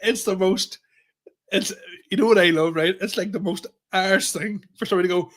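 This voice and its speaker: A man co-hosting a podcast, chatting in relaxed banter and laughing often. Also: high voice, fairly quick. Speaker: podcast co-host. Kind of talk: casual chat.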